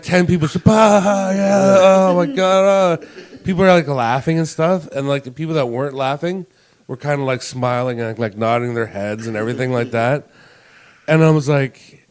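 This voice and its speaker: A man's voice: mid-range voice, a little fast. A man co-hosting a podcast, telling a long story in casual chat and laughing as he goes. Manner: animated, laughs while telling stories. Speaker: podcast co-host.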